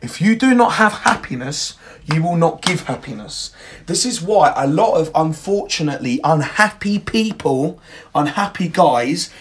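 A young man hosting a podcast, giving a blunt, emphatic motivational monologue full of swearing. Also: a little high. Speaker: podcast host.

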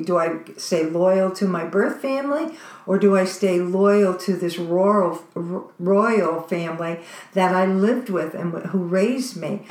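A woman preaching a sermon in a conversational, earnest way. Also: mid-range voice. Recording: roomy echo.

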